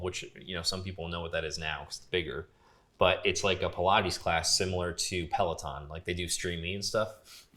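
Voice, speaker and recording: A young man with a low, steady voice talks fairly quickly, his tone pushed and bright. He's a grip and gaffer appearing as a podcast guest, casually spinning a long story packed with fillers and quoted lines from other people, all in a laid-back way.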